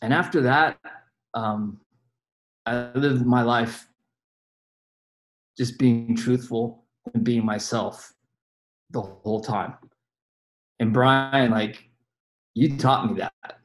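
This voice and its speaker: Earnest man giving a halting farewell tribute. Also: mid-range voice, poor audio. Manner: earnest, halting, with many pauses and fillers. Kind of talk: heartfelt farewell speech. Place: home, on a video call. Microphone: video call mic.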